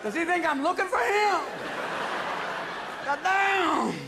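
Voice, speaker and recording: A man putting on an indignant older male singer who curses in shouted outrage, in a live stand-up bit. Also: very high voice, animated, slow pace, creaky, over a noisy crowd, very noisy, pitched above the performer's own voice, exaggerated voice. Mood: outraged.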